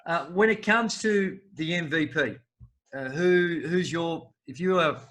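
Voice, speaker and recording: A man hosting a casual podcast interview, easygoing and quick to laugh. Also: a little high, a bit bright. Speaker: podcast host.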